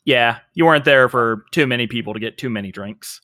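A man narrating a tabletop game as game master, halting and full of filler words. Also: medium pitch, bright, forceful tone, dry recording, studio quality.

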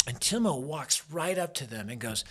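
A man in his fifties speaks at a middle pitch, earnest and emphatic. He teaches like a ministry leader and leans on personal stories to drive each point home. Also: animated, normal speed, a bit bright.

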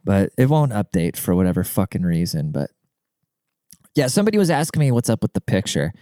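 A man's voice: on the low side, very animated, brisk, mellow, clean tone, dry recording, clean studio sound. A man hosting a podcast in a rambling, crude and profane casual monologue. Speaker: podcast host.

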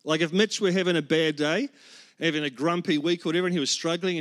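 A pastor delivers a humorous sermon, joking and telling stories with acted-out quotes. His voice is fairly high and his pace quick.

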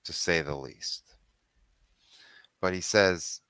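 A man's voice: low voice, unhurried, sharp tone, clear, resonant tone, no echo. A man narrating a tabletop game as its game master, describing scenes in a casual storytelling way.

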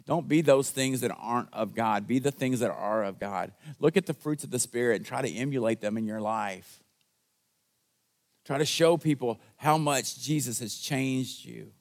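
A man delivers a sermon as pastor, speaking at a medium pitch in a plain, conversational way. He addresses the congregation directly and throws in call-and-response asides. When he acts out quoted lines, his voice jumps higher and louder. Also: normal speed, creaky.

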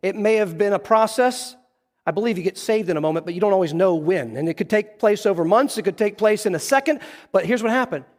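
A man's voice: high voice, animated, fast, a little mellow, in a large hall. A man preaching a sermon, telling a story earnestly and restarting his phrases often. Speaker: pastor. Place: church sanctuary.

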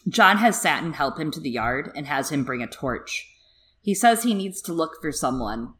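A woman's voice: sits low, animated, moderate pace, fairly bright tone, a little hiss or hum. A young woman co-hosting a casual podcast over a video call, chatting and reading passages from a book aloud with dramatic emphasis. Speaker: podcast co-host.

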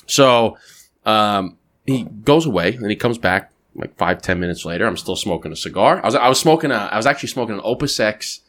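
A man's voice: on the low side, expressive, a little fast, a bit bright. A man hosting a podcast, telling a long anecdote in casual, profane chat and checking in with "right?" as he goes. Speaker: podcast host.

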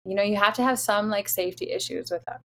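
A young woman from the Los Angeles area casually tells a dating story, animated and full of "like" fillers. Her voice is mid-range and her pace quick.

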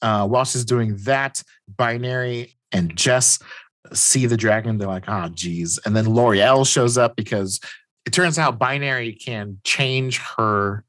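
A man's voice: medium pitch, measured pace, fairly bright tone. A man co-hosting a podcast, casually and animatedly retelling a comic book plot and laughing as he talks. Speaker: podcast co-host.

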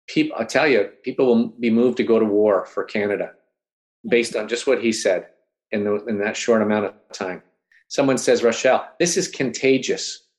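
A man hosting an online talk, coaching in an energetic way and often checking in with his listeners. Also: medium pitch. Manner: energetic, coaching, keeps asking "right?". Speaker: host and speech coach.

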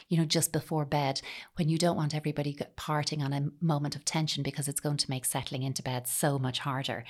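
A woman speaking as a parenting coach, giving calm, reassuring advice to parents. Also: low-pitched. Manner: calm, reassuring, acts out child voices briefly. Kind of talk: advice talk.

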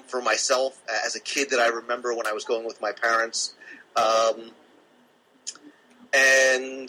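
A man's voice: medium pitch, gravelly, bright, forceful tone, husky, rough recording. A man chatting casually as a podcast guest, thinking aloud with plenty of fillers from his own room. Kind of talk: casual chat. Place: his own room, away from the live audience.

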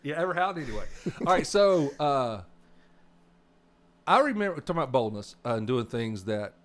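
Man, South Arkansas accent, middle-pitched voice, rambling co-host who restarts sentences mid-story. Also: big pitch swings, moderate pace. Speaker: podcast co-host. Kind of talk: casual faith discussion.

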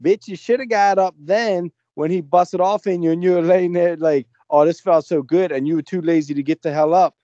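A man's voice: high-pitched, steady tone, a little fast, few pauses, warm tone, no room sound, highs cut off. A man co-hosting a casual podcast chat, blunt and mocking. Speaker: podcast co-host.

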